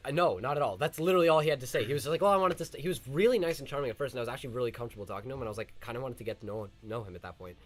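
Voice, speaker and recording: A man's voice: mid-range voice, rapid-fire, hardly any pauses. A young man, born in Ukraine, telling stories in a casual podcast chat, acting out the people he quotes. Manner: animated, acts out quoted voices. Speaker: podcast co-host.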